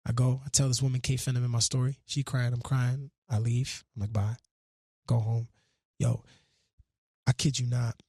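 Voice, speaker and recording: A man, telling his life story as a guest in a radio studio, animated and full of casual slang, acting out the voices of people he quotes. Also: mid-range voice, normal speed, long pauses, no room sound. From Brooklyn, New York. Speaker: musician and actor guest.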